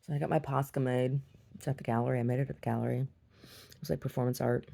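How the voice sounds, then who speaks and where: A woman telling a rambling story in her video diary, chatty and quick to laugh, often repeating herself. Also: extremely low pitch, level tone, gravelly, warm tone. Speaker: video diarist. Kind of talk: casual storytelling to camera.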